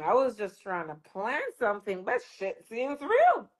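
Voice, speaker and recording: A woman's voice: on the high side, wildly swooping pitch, a little slow, hardly any pauses, husky. A woman with a Jamaican accent hosting a casual live stream, joking and laughing in patois.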